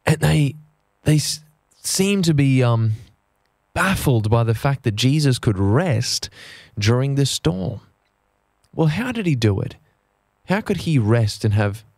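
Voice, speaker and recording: A man preaching a sermon, earnest and measured, leaning on key phrases by slowing right down. His voice sits at an ordinary middle pitch. The recording is dry and close, with little room sound. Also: a little mellow, no room sound.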